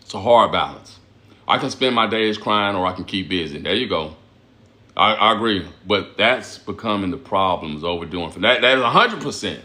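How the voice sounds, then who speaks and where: A man's voice: on the low side, expressive, moderate pace, sharp tone. A man hosting a live stream, reading chat comments aloud in blunt, profane casual talk and repeating himself a lot.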